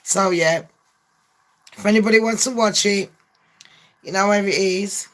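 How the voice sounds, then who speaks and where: A woman's voice: medium pitch, steady tone, measured pace. A woman ranting in a casual gossip vlog, brash and full of swearing, laughing often. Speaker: gossip vlogger.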